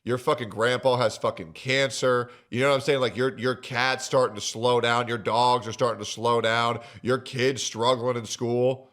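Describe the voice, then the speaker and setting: A man co-hosting a stream, chiming in with crude, excitable casual chat. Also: medium pitch, moderate pace, hardly any pauses.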